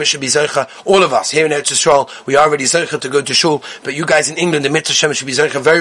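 Husky, bright-voiced male rabbi giving an animated, emphatic Torah class. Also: on the high side. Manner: rapid-fire listing of sources, animated and emphatic. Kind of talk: lively spoken Torah lesson. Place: Israel.

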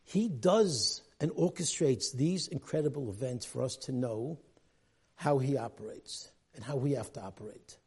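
Husky-voiced man preaching with stories. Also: medium pitch, moderate pace. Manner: animated storyteller with Hebrew and Yiddish terms. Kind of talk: sermon with storytelling.

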